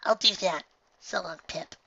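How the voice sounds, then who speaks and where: Man voicing a young filly in a storybook: soft, eager, bright, slightly dull lo-fi audio. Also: high-pitched, a little slow, creaky, no room sound, pitched above the performer's own voice, heavily acted. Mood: earnest. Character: young unicorn filly, earnest and emotional.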